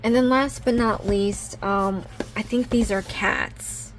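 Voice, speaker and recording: A woman crafting vlogger talking through a casual unboxing haul, gushing and easily excited over each item. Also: medium pitch, slow, hardly any pauses, background noise.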